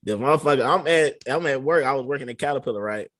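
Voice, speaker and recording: A man's voice: medium pitch, fast talker, a bit bright, no echo. A young adult man hosting a casual podcast, telling stories loosely in heavy slang with plenty of swearing. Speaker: podcast host.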